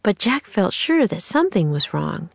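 A woman narrating a children's storybook in a steady, measured way. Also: medium pitch, creaky, dry recording. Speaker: audiobook narrator.

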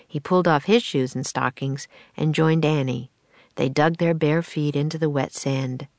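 Brief: woman with a lower voice, measured expressive storybook narration, dry close recording. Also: no room sound. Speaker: audiobook narrator.

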